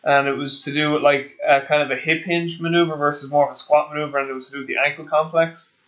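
A man's voice: fairly high pitch, level tone, fast talker, a bit bright, muffled recording. A man from Ireland hosting a podcast, asking long questions with hesitant restarts. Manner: hesitant, repeats words when asking questions. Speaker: podcast host. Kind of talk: podcast interview.

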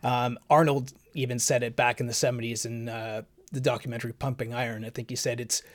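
A man's voice: medium pitch, little pitch movement, fairly quick. A man hosting a fitness podcast, explaining training methods step by step in a casual way, with frequent "um" and "right?". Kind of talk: casual instructional talk.

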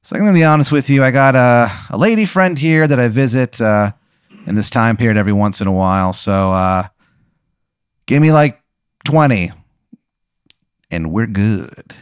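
A man's voice: medium pitch, lively intonation, moderate pace, long pauses, clean tone, no echo, clean studio sound, close to an everyday voice. A man voicing a shifty, easygoing male time-travel bus driver who promises to fix everything. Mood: sheepish.

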